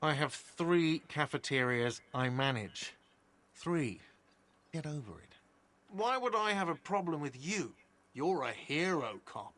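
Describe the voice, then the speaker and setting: A man's voice: a little high, animated, measured pace, fairly bright tone. A man voicing an irritable, defensive cafeteria manager in a video game, sarcastic and easily offended.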